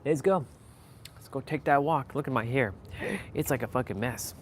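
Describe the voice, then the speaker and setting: A man talks his way through a walk around the neighborhood, rambling and swearing in an easy, offhand way. He sounds loose and unhurried, like he is thinking out loud. Faint traffic and street noise sit behind him outdoors. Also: medium pitch. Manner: laid-back, profane, rambling self-talk. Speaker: vlogger. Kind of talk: casual vlog while walking outdoors.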